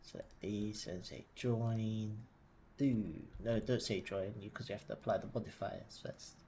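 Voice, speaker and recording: Quiet mumbling man thinking aloud. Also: on the low side, fairly even intonation, measured pace, slight background noise. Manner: hesitant, thinking aloud with frequent fillers. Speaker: streamer. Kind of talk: casual live-stream commentary while working. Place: home desk. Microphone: desk mic, sometimes leaning back from it.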